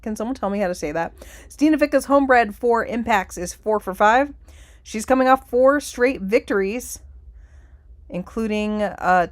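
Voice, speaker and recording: A woman's voice: mid-range voice, no echo. A woman hosting a show and calling horse races, rattling off the running order of the field, chatting and joking between races. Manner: rapid running call of horse positions. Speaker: race caller and show host. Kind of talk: horse race commentary.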